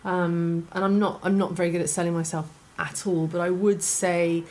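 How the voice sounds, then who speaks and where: A middle-aged woman with a posh English accent, a stand-up comedian chatting as a guest in an animated, self-deprecating way, often restarting and laughing. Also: on the low side, moderate pace, rough recording. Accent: posh southern English. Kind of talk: casual chat.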